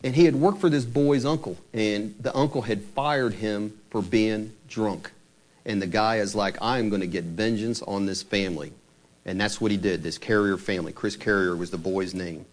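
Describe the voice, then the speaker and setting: A man's voice: fairly low pitch, moderate pace. Conversational male preacher telling a story. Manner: conversational, dramatic retelling. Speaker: pastor. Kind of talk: sermon storytelling.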